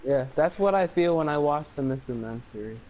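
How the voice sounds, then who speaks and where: A man's voice: fairly high pitch, expressive, fairly quick, darkish tone, muffled recording, a little hiss or hum. A young man chatting with friends during a game, talking hesitantly and often tripping over his words. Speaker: friend and co-player. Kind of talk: casual chat among friends while gaming.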